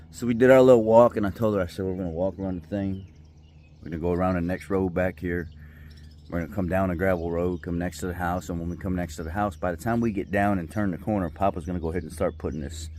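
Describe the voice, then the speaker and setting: A man's voice: low-pitched, darkish tone, slight background noise. A middle-aged man, telling a personal story in a rambling, folksy, heartfelt way. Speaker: vlogger. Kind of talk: casual storytelling vlog. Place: outdoors by a river.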